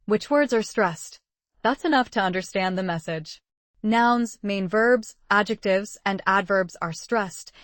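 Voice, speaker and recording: A woman narrating an English listening lesson in a clear, measured teaching manner. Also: medium pitch, no room sound, clean studio sound.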